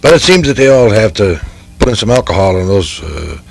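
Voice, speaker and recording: Older guy w/ new dictating old game warden yarns, lowish voice, keeps going "anyway". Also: big pitch swings, brisk, gravelly, rough recording. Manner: rambling folksy, keeps saying "anyway". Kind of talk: dictated storytelling.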